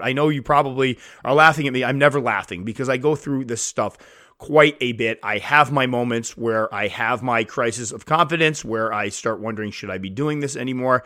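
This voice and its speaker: Slightly fast and sharp-toned in a mid-range voice, this man runs a casual solo podcast from home on a podcast mic. He's self-deprecating and now and then acts out quoted voices, and the studio-quality audio has no echo.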